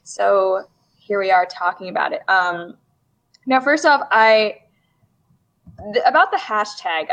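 A woman's voice: on the low side, highs cut off, slight background noise. A woman hosting a livestream discussion, chatty and hedging with fillers. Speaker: stream host.

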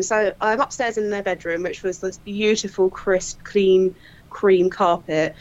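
Woman guest, lively storyteller, laughs a lot, voices quotes, slightly dull lo-fi sound. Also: mid-range voice, a little slow. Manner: animated, laughing storyteller who acts out quotes. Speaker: crime scene investigator guest. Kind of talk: casual anecdote telling.

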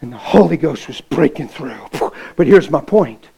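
High-voiced impassioned preacher man. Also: lively intonation, moderate pace, gravelly, slightly rough, highs cut off. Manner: impassioned, swings from loud to hushed; folksy, plain-spoken. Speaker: pastor. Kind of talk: sermon with storytelling.

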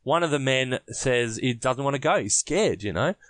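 A man co-hosting a casual film podcast, speaking in an earnest, reflective way at a middle pitch. He thinks aloud and often restarts his sentences. The sound is dry and close, with little room echo. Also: animated, moderate pace, fairly bright tone. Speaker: podcast co-host.

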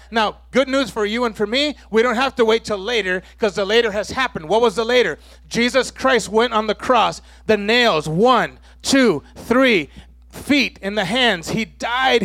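A male pastor preaching a sermon, calling to the congregation with frequent "amen?" and building to near shouts. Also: sits high, dry recording.

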